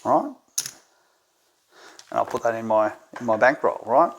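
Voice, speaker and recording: A man's voice: mid-range voice, lively intonation, measured pace, muffled recording, noisy background. A man with an Australian accent, hosting a tabletop game tutorial and thinking aloud, often checking in with "right?". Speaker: gambling strategy presenter.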